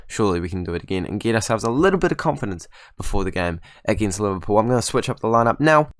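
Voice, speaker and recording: A man's voice: on the low side, no echo, studio quality. A young man giving chatty, self-mocking commentary over his football management game. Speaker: gaming YouTuber. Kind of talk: casual gameplay commentary.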